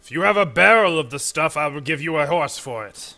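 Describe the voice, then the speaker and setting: A man's voice: fairly high pitch, lively intonation, brisk, vocal fry, sharp tone, voice pushed up, exaggerated voice. A man voicing a shrewd Vistani horse trader who speaks formally and bargains hard. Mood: bargaining.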